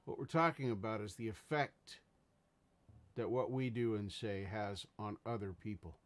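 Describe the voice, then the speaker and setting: A man's voice: fairly low pitch, normal speed. A man hosting a casual livestream, talking earnestly and rambling as he greets viewers in chat. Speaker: livestream host.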